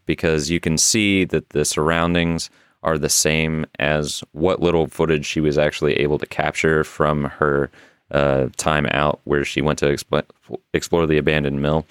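A man's voice: very deep voice, smooth, no room sound, studio quality. A man co-hosting a podcast, loosely recapping an internet mystery with some swearing and frequent laughs. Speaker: podcast co-host. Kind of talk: casual podcast story recap.

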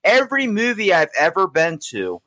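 A man's voice: high-pitched, huge pitch swings, moderate pace, sharp tone, no room sound. A man co-hosting a podcast, ranting crudely and swearing in casual chat. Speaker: podcast co-host.

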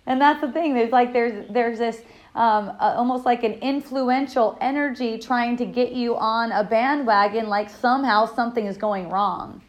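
A woman's voice: on the high side, normal speed. Chatty, upbeat woman host. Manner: rambling, laughs often, many restarts; upbeat and effusive. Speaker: host of an online dialogue group. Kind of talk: casual personal storytelling.

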